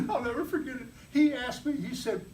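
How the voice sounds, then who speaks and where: High-voiced man giving a joking speech. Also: normal speed, a little mellow. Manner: playful, teasing the audience with mock examples. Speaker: club speaker. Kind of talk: humorous prepared speech. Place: meeting room. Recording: roomy, from far off, faint background noise.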